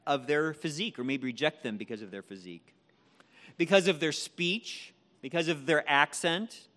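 A man's voice: a little high, normal speed, pushed and bright. A male pastor preaching a conversational sermon, often repeating words as he thinks and acting out imagined voices.

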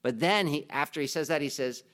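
A man's voice: fairly high pitch, brisk, a bit bright. A man preaching a sermon as pastor, in a conversational way, asking the congregation questions and adding joking asides.

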